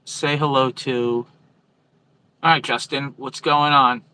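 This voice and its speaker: A man's voice: mid-range voice, fairly even intonation, slow pace, pushed and bright, smooth, poor audio. A man from New Jersey with a New Jersey accent, a truck driver chatting casually on a livestream, reading viewer comments and greeting viewers by name from a truck stop.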